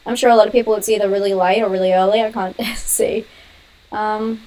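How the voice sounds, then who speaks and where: A young woman hosting a casual live-stream Q&A on her horror channel. She talks quickly, laughs often and answers viewers' comments. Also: medium pitch, steady tone, low-quality recording.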